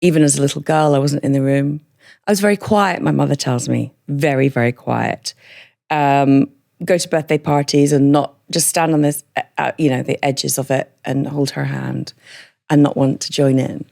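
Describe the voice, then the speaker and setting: A woman with a hybrid northern English and Scottish accent tells her story in a candid interview. Her voice sits low and carries a gravelly rasp. She is frank and chatty and laughs often. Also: steady tone, moderate pace, darkish tone. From northern England. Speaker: podcast guest.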